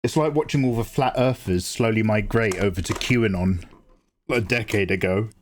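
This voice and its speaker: A man's voice: on the low side, normal speed, slight background noise. A man chatting loosely on a drawing livestream, swearing, joking and greeting chat by name. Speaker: streamer and artist.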